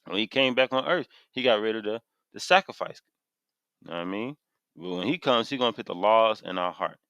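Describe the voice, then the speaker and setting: A man's voice: on the low side, animated, fairly quick, fairly bright tone, clear, resonant tone, no room sound, lo-fi sound. Fired-up preaching man, dry close sound. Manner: impassioned, preachy, reads verses aloud then repeats them with emphasis. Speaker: street preacher teaching scripture. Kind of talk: fiery scripture sermon to camera. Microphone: camera mic.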